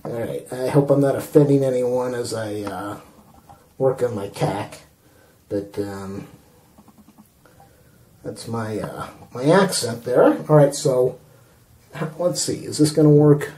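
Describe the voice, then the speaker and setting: A man's voice: mid-range voice, expressive, measured pace, dark tone, echoey room, slight background noise. Man rambling through a bathroom how-to. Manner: rambling, self-amused, talking while working with hands. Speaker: home repair vlogger. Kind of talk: casual how-to demonstration. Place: indoor bathroom. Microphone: handheld camcorder mic, self-filming.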